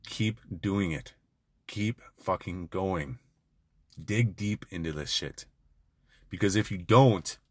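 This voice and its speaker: A man with a fairly low voice speaks in a blunt, intense, profane motivational monologue aimed at men. The sound is dry and close, with no room around it. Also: no echo. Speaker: men's self-help speaker.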